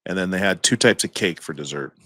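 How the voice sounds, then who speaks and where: A man's voice: low-pitched, quick pace, bright, forceful tone, no echo, clean studio sound. A man co-hosting a podcast, telling a rambling story in a casual chat, chuckling often and acting out the voices of the people in it. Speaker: podcast co-host.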